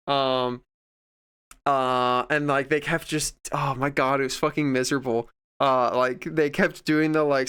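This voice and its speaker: A man's voice: mid-range voice, little pitch movement, moderate pace, fairly bright tone, clear, resonant tone. A man streaming casual chat, rambling in a profane way and acting out other people in quoted voices.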